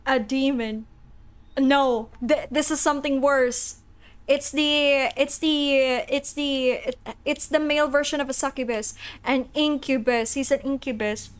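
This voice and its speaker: An excitable woman live-streaming a game, with a high, bright voice. She reads the story text aloud and chats eagerly with her viewers. Her talk jumps quickly from joking to fretting.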